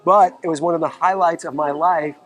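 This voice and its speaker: A little high and brisk, this voice comes from a Bronx musician guest storytelling in a park, with faint music behind. He's casual, animated and profane, and acts out the quotes.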